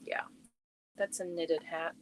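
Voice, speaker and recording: A woman's voice: on the low side, fairly even intonation, slow, poor audio. A woman hosting a casual crochet livestream from home, chatting and reacting to viewer comments as she shows yarn. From Germany.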